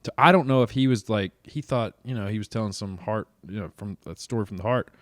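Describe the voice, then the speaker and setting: A man's voice: lowish voice, fast talker, no room sound, clean studio sound. A young man co-hosting a podcast, rambling through stories in casual chat with restarts and chuckles. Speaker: podcast co-host.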